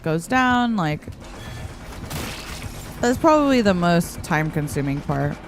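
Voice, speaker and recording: A woman streamer with a hoarse, tired morning voice, chatting and giggling casually while she plays and reads her chat aloud. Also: on the low side, sing-song, slow pace. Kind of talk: casual gameplay livestream chat. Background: faint background music.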